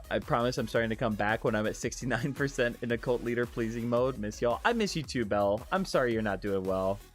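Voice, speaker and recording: A man live-streaming casual chat, reading viewer questions aloud with giggly, profane banter. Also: on the low side.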